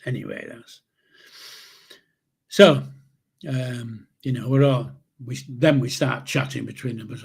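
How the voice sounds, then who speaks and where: A man, telling old memories in a rambling, halting way with chuckles. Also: mid-range voice, steady tone, creaky, slightly rough. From England. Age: 70s. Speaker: channel host, grandfather. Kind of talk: casual spoken memoir storytelling.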